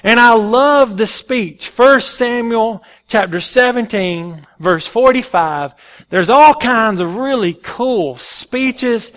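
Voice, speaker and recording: A male pastor preaching a sermon in an animated, folksy storytelling way. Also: very high-pitched, takes it slowly.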